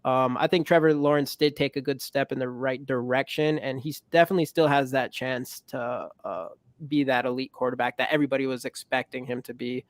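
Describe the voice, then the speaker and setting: A man's voice: medium pitch, fairly even intonation, brisk, hardly any pauses, dry recording. A man co-hosting a casual sports podcast, agreeable and easygoing. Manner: easygoing, agreeable, laughs often. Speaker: podcast co-host.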